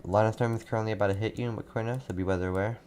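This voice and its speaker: A young man hosting a live storm-coverage stream, casually reading out viewers' towns and warnings, halting now and then. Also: on the low side, fairly even intonation, a little mellow, slight background noise. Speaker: livestream weather host.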